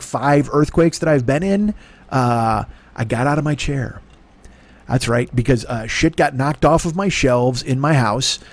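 Man ranting through a comic monologue. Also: on the high side. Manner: rambling storytelling with sudden swearing outbursts. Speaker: podcast host. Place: home desk.

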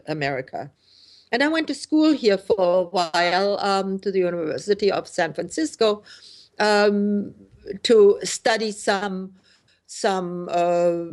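Slow, indignant woman talk host. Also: mid-range voice. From Germany. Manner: indignant, emphatic, with many fillers and restarts. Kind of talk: opinionated radio talk.

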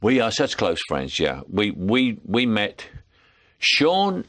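A man's voice: fairly low pitch, takes it slowly. An older man with a London Cockney accent, a jet-lagged actor guest telling anecdotes and laughing often. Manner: animated storyteller, laughs often. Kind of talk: anecdotal interview chat.

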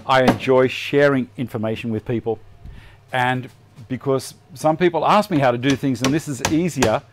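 A man's voice: mid-range voice, very noisy. A middle-aged Australian man hosting a live woodworking show, chatting casually and thinking aloud as he works at the bench. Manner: chatty, self-deprecating, thinks aloud while working. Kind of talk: live workshop demonstration chat.

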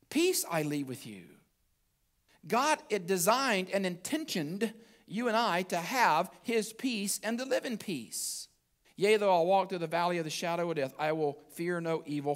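Pastor guy preaching, kinda high voice, goes quiet then loud and emphatic. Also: lively intonation, moderate pace. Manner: scripture quoted aloud and picked apart. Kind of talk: sermon.

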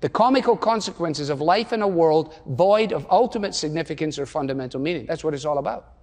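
A man in his sixties preaches with a notably high-pitched voice, pressing his listeners with rhetorical questions and emphatic repetition. His voice rings out with the long reverb of a large church auditorium. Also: expressive, a little fast, a little mellow. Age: 60s. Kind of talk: sermon.

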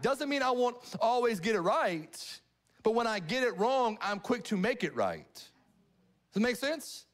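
Middle-aged male pastor with a high-pitched voice, preaching live with animated call-and-response energy. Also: measured pace. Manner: animated, asks the congregation questions. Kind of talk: live sermon. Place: church sanctuary.

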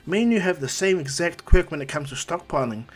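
A man's voice: on the high side, animated, brisk, pitched above the performer's own voice. A man doing a cocky teen boy hero. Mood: confident. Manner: casual, offhand.

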